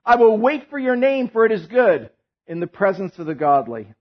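A man preaching a sermon as pastor, animated and joking, telling stories to his church. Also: sits high, moderate pace, muffled recording. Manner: animated, joking storyteller who drops to a hushed tone in prayer.

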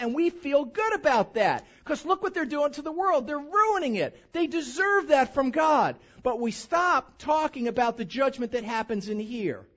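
Male preacher, lively pitch swings, slightly dull lo-fi church recording. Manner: lively, animated preaching with mock-drawl asides. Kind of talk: sermon with humorous anecdote. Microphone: handheld or stage microphone.

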